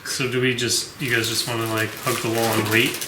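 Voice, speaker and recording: A man's voice: medium pitch, little pitch movement, a little fast. Tabletop player, man, reasons out plans aloud, echoey room, noise behind. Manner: thinks aloud, talks strategy. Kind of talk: casual tabletop game chat.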